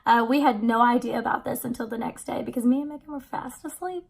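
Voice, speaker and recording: A chatty young woman vlogging about her trip, her voice sitting a little high. She rambles along with plenty of "like" and "um", in an easy storytelling way. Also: fairly even intonation, quick pace, creaky, slightly rough. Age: 20s. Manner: chatty, many fillers and "like". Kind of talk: casual storytelling.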